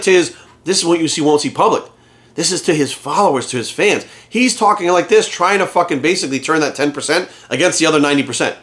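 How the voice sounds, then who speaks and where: An American man, a fitness coach hosting his own channel, launches into an angry, profane rant to camera packed with rhetorical questions. His voice is a little high and a bit bright.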